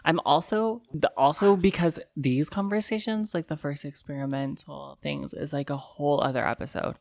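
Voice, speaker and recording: A woman's voice: low-pitched, normal speed, vocal fry, a little mellow, dry recording. A young woman co-hosting a podcast in casual chat, throwing in dry, teasing remarks. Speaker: podcast co-host.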